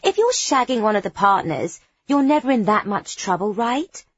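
A woman's voice: mid-range voice, sing-song, moderate pace, husky, dry recording, lo-fi sound. A woman voicing a blunt young woman gossiping crudely about office affairs. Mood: knowing.

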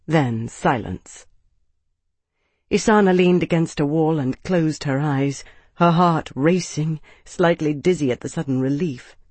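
A man giving measured, scripted narration of an audiobook. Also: on the high side, a little mellow, dry recording.

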